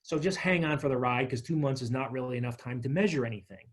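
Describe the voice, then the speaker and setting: A man presenting a financial literacy workshop, walking listeners through a workbook in an energetic, chatty way with little stories. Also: mid-range voice, quick pace. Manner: energetic, chatty, tells stories with acted quotes.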